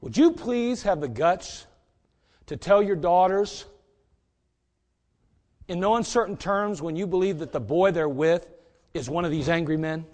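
A man preaching a sermon in a folksy, direct way, swinging between loud emphasis and quiet asides. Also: high-pitched, a little slow, long pauses.

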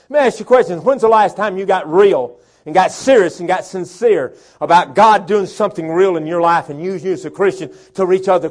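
A man preaching a sermon as pastor, dropping to quiet talk and rising to shouted preaching. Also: high voice. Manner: swings from soft talk to shouted preaching, imitates a chainsaw.

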